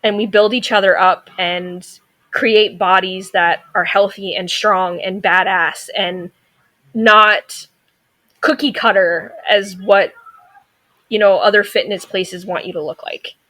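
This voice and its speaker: A woman's voice: mid-range voice, fairly even intonation, slow pace, bright, forceful tone. A woman in her thirties, a veterinary technician, telling stories as a guest on a casual podcast in a sassy, outspoken way. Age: 30s. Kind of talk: casual interview chat.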